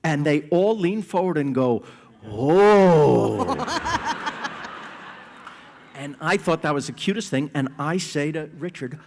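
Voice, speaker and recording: A man's voice: fairly high pitch, normal speed, hardly any pauses, noisy background. A man telling funny anecdotes on stage at a live talk, laughing often and poking fun at himself. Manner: laughs often while telling stories, playful self-mockery. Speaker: guest at a live talk event. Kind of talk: animated anecdotal storytelling. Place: stage event in front of an audience.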